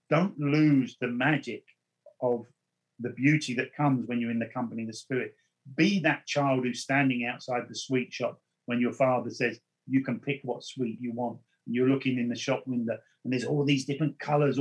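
A man with a husky, slightly breathy voice, speaking as an interview guest. He talks earnestly and unhurriedly, drawing out key words when making a point. His pitch sits in an ordinary middle range. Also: highs cut off. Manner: earnest, slows down to stress points. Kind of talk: anecdotal storytelling in an interview.

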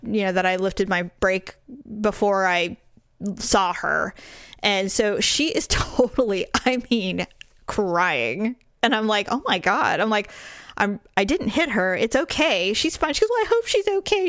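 A woman in her forties telling a story in casual, animated chat as a podcast co-host. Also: mid-range voice, clear, resonant tone, no room sound, clean studio sound. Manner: chatty, animated, quick asides.

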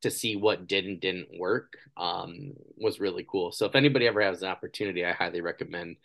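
A man's voice: low-pitched, quick pace, creaky. A man in his thirties hosting an interview podcast, chatting casually and acting out the people in his stories. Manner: animated storyteller, acts out quoted people. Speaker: podcast host.

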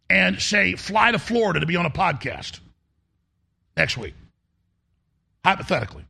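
A man's voice: sits high, vocal fry, bright, forceful tone. A man hosting a talk show, delivering an emphatic, rambling monologue that circles back and repeats phrases. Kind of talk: ranting monologue.

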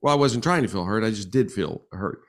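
A man in his sixties, a guest on a relationship podcast, telling stories in an animated way and acting out the quoted exchanges. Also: lowish voice, brisk. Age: 60s. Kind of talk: casual podcast conversation.

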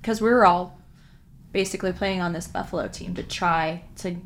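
A woman, a former pro soccer player, telling lively anecdotes in a casual chat and acting out what people said. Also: fairly low pitch, moderate pace. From Vancouver area, Washington, US. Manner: lively anecdotes, acts out quotes, laughs often.

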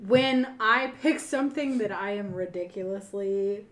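A woman co-hosting a podcast, telling stories with animated excitement and swearing freely. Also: medium pitch, a little slow. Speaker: podcast co-host. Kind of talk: casual chat. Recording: roomy echo.

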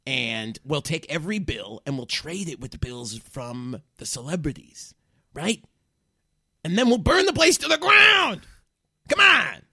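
A man voicing a scheming, bumbling male manager who rambles and bursts into shouting. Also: medium pitch, animated, a little slow, vocal fry, slightly rough, dry recording, clean studio sound, heavily acted.

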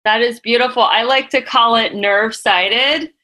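A woman's voice: a little high, fairly even intonation, moderate pace, sharp tone. A woman hosting a podcast interview, affirming her guest and encouraging listeners. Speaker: podcast host. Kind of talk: interview chat.

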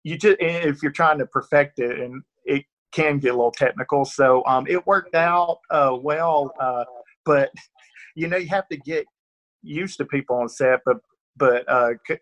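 A man's voice: a little high, normal speed, a bit bright. A man from Northeast Georgia with a rural Georgia accent, answering interview questions as an actor guest in a chatty, self-deprecating way, laughing often and restarting his sentences.

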